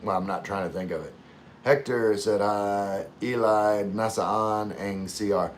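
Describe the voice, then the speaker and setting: Man, low voice, casual livestream chat, rambling, faint background hiss. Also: fairly even intonation, measured pace. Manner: rambling, chatty, loses his train of thought. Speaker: livestream host reading viewer comments.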